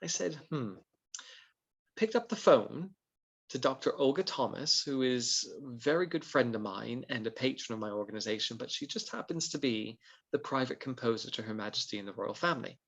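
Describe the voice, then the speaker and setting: A man's voice: medium pitch, moderate pace, gravelly, slightly rough. A man, a guest on an interview show, telling a long anecdote and acting out what he said at the time. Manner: lively storyteller who acts out his own past remarks. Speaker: guest, founder of a monarchist society.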